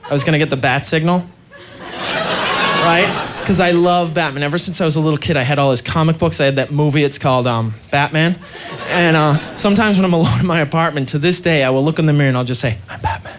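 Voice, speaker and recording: A man performing a stand-up routine, telling self-mocking stories in an animated way. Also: a little high, fast talker, heavy background noise. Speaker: stand-up comedian.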